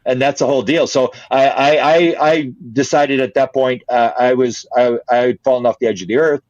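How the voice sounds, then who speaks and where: An older man, an interview guest, telling a story in casual style, lively, repeating words and laughing often. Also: medium pitch, brisk, dry recording, muffled recording.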